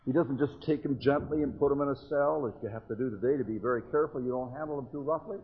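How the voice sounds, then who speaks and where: A man's voice: medium pitch, animated, fast, hardly any pauses, breathy edge, dull audio. A man preaching an evangelistic sermon, earnestly telling stories and retelling dialogue to warn young listeners. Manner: earnest storytelling with retold dialogue.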